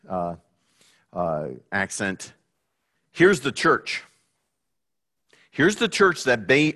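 A man preaching a sermon, speaking in a halting way with many fillers and restarts. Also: mid-range voice, a bit bright. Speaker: pastor.

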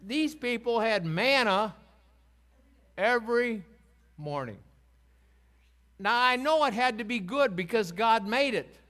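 A man's voice: extremely high pitch, lively intonation, slow, pauses often, pushed and bright. A man teaching an informal Bible lesson in a folksy, chatty way. He asks his group questions and has them answer back.

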